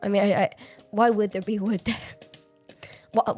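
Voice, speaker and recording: This time the woman's voice is medium in pitch, fairly flat, a little slow and slightly mellow. An Australian gamer streaming Minecraft from home, she chats easily, giggles often and reasons aloud, with light music underneath.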